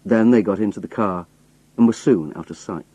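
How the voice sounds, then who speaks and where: A man reading a story aloud in first person, steady and storytelling, voicing the characters. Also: on the low side, brisk, breathy edge, no room sound, dull audio. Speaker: audiobook reader.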